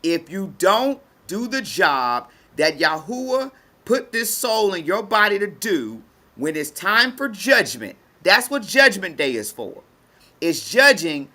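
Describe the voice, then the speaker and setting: Emphatic woman preaching with lively pitch. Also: slow. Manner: emphatic, colloquial, repeats phrases for effect. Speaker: spiritual teacher. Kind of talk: preaching to an audience.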